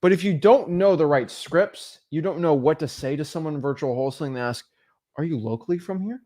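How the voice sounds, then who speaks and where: A man co-hosting a livestream, talking in an animated, coaching way and acting out conversations, with many "right?" and "like" fillers. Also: fairly high pitch, a little fast. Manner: animated, acts out quoted dialogue, frequent "right?" and "like". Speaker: co-host of real estate livestream. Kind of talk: motivational livestream talk.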